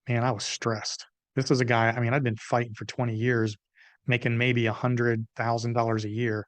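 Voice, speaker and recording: A man's voice: mid-range voice, moderate pace, dry recording. A man in his fifties spins a vivid story on a podcast, his voice rising and falling as he acts out the people in it. His middle-height tone sits close to the mic, dry with no room sound. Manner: animated storyteller, acts out dialogue. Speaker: guest, business consultant. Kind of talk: storytelling interview answer. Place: podcast recording.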